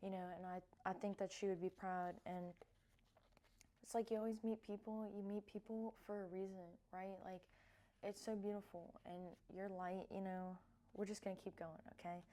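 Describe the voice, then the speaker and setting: A woman vlogger talking casually and softly, with lots of fillers and restarts, as she reflects on cards she has drawn. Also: medium pitch, little pitch movement, moderate pace. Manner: soft-spoken, hesitant with many fillers. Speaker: wellness vlogger.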